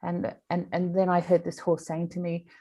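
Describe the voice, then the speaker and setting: A woman, an animal communicator, telling a story in an interview in an animated way, with frequent restarts. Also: lowish voice, moderate pace.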